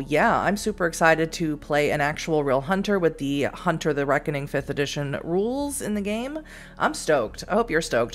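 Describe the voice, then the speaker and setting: Excited low-voiced woman streamer. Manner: bubbly and excitable, reads narration with gentle emphasis. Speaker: streamer playing a text game. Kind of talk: casual let's-play chat and reading aloud.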